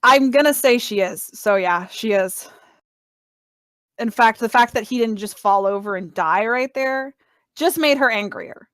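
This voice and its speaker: A woman's voice: a little high, a little slow, a bit bright, no echo. A woman playing a tabletop game, talking bluntly and casually, swearing offhand and laughing. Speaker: player.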